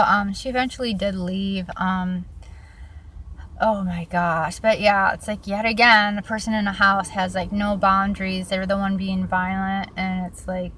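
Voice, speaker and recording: A woman's voice: mid-range voice, a bit bright, slight background noise. A young woman casually telling stories about her own life, chatty, laughing often and using lots of fillers. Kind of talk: casual storytelling vlog.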